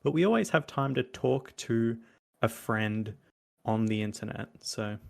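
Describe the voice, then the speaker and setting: A man's voice: medium pitch, lively intonation, a little slow, creaky, darkish tone. A young man co-hosting a casual podcast, telling stories loosely and laughing often. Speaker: podcast co-host. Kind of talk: casual chat.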